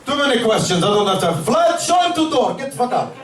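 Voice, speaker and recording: A man voicing a gruff, impatient Russian shop owner with a Russian accent, speaking curtly and dismissively. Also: very high-pitched, sing-song, quick pace, faint music behind, voice pushed up. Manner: curt, dismissive. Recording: echoey club from far off, crowd.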